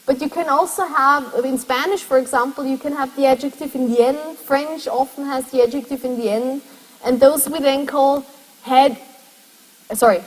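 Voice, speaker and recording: A woman's voice: high-pitched, big-room sound, low-quality recording. A woman lecturing a university class, explaining step by step and putting questions to her students.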